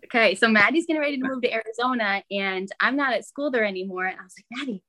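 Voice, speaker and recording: A young woman in casual chat, telling stories in an animated way, laughing often and acting out what others said. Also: fairly high pitch, fast. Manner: animated storyteller, laughs often, acts out quoted voices. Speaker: guest.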